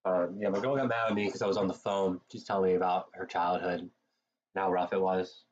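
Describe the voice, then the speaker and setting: A tired man with a cold talks on a live stream in a lowish voice, rambling and swearing freely between fillers. The sound is dull and lo-fi, with a faint hiss of noise underneath. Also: level tone, a little fast. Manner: drowsy, profane, rambling with many fillers. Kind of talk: casual rambling stream chat.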